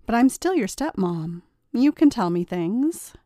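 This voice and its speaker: A woman reading the part of a gentle middle-aged stepmother, soft, patient and motherly. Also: a little high, very animated, unhurried, dry recording, clean studio sound. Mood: reassuring.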